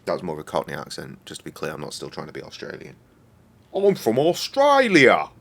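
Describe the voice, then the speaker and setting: A man's voice: rumbling low, little pitch movement, very fast, vocal fry, fairly bright tone, a little hiss or hum. A man in his thirties streaming a game, rambling and joking with lots of swearing. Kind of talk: casual game stream commentary.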